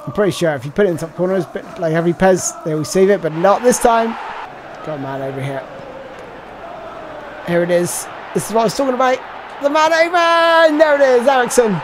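A man commentating on his own football video game match, switching between hushed despair and shouted celebration. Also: sits high, background noise. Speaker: gaming commentator. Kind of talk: excited gameplay commentary.

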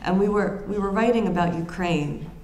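A woman giving an academic lecture in an earnest, reflective way, often pausing and restarting her phrases. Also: medium pitch, darkish tone. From United States. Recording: roomy lecture room with faint ambience.

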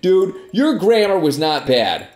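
A young man vlogging about his fan mail with a stuffy nose from a cold, gushing with excitement. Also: high voice, a little slow, echoey room, soft background music. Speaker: YouTuber. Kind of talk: casual vlog reading fan mail.

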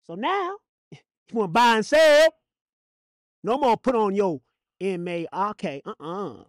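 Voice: medium pitch, wildly swooping pitch, takes it slowly, a bit bright, no room sound, clean studio sound, full character voice. A preacher putting on a taunting false prophet during a sermon, sing-song and chuckling. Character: mocking false prophet pushing the mark. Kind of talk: dramatized sermon.

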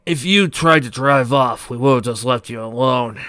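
A man voicing a cold male killer who speaks in a matter-of-fact, unhurried way. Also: mid-range voice, pushed and bright, clear, resonant tone, no room sound, studio quality, close to an everyday voice.

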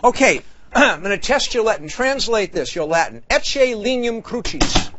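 Jokey priest quiz host, high bouncy voice, excitable, dull studio sound. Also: male voice, normal speed, heavy background noise. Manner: jokey, animated, shouts excitedly. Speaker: priest and game show host. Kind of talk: lively game show hosting. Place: TV studio with audience.

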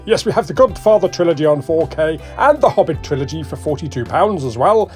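Soft background music accompanies a British vlogger who talks fairly quickly in a slightly high voice. Filming as he goes, he casually and humorously walks through a shop's discs, listing titles and prices with lively chatter.

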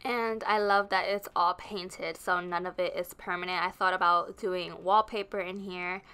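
A woman's voice: on the low side, steady tone, moderate pace, bright, forceful tone, clean tone. A pregnant woman vlogger narrating her video in a chatty, rambling way with lots of fillers. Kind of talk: casual voice-over narration.

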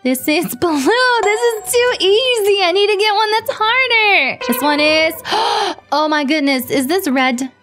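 A woman's voice: extremely high pitch, unhurried, hardly any pauses, faint music behind. A woman whose first language is Dutch, playing a guessing game on camera and cheering at her answers. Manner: excitable, gasping and cheering, talks to the screen. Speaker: gaming YouTuber.

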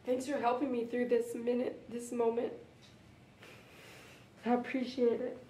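A warm-toned woman with a flat delivery speaks at a measured pace, chatting emotionally with live-stream viewers while grooming a dog at her shop. She coaxes the dogs in a high voice; the distant mic picks up room echo and faint noise.

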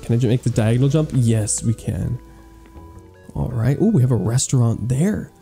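A man giving excitable, gushing gameplay commentary as he tours a game island, cracking playful puns. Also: mid-range voice, normal speed, gravelly, faint music behind. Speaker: gaming YouTuber touring an island.

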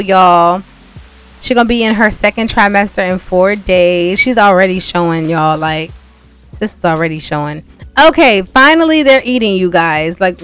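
A young woman chats her way through a gameplay session, speaking straight to her audience in an easy, mid-pitched voice. She slips into exasperated asides when things go wrong. Faint game music plays beneath her. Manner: chatty, talks straight to viewers, exasperated asides. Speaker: gameplay vlogger. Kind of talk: casual gameplay commentary.

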